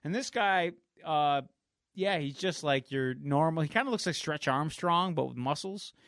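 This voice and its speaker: A man's voice: a little high, moderate pace, a bit bright, dry recording, clean studio sound. A man casually and animatedly recapping a comic on a podcast, laughing and slipping into voices. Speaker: podcast co-host.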